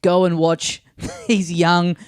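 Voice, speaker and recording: A man's voice: sits high, flat delivery, slow pace, clean tone, no room sound, studio quality. A man co-hosting a podcast, joking and rambling, often laughing. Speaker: podcast co-host. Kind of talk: casual podcast banter.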